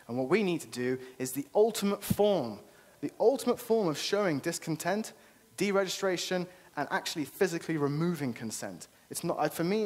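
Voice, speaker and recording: A man giving an earnest, persuasive conference talk and often checking in with "okay?". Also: fairly high pitch. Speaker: conference speaker. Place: conference venue.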